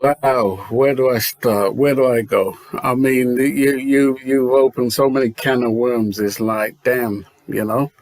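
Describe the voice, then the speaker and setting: A man co-hosting a podcast, asking questions in a relaxed, reflective way. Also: medium pitch, measured pace, few pauses. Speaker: podcast co-host. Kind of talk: casual interview.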